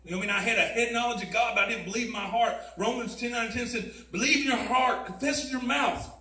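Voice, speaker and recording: A man's voice: extremely high pitch, fast, pushed and bright. A man giving a personal testimony at a mission, talking conversationally and repeatedly saying "man" and "you know what I mean.". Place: mission chapel, roomy hall. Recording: echoey room, voice from a distance.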